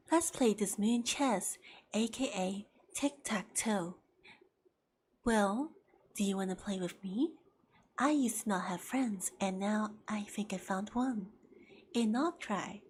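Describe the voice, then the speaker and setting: A woman voicing a soft-spoken, lonely young woman in a whispered role-play, with a breathy near-whisper and slow, drawn-out phrasing. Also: medium pitch, a little hiss or hum, natural voice. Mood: dreamy.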